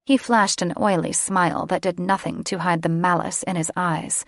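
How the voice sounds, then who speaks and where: A woman's voice: fairly even intonation, normal speed, creaky, no echo, clean studio sound. A woman narrating a fantasy audiobook in scripted style, giving the characters their own voices. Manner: voices each character with shifts in pitch and loudness.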